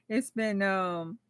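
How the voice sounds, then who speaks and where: A woman, hosting a casual craft livestream and chatting excitedly with her viewers. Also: on the high side, no echo.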